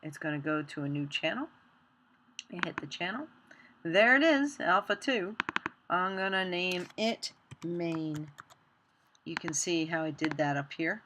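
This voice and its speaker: A woman with a somewhat low voice leads a screen-recorded software tutorial, chatting as she works and poking fun at her own mistakes. Faint background noise runs under her voice. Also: unhurried. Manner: chatty, self-deprecating, talks while working. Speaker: teacher.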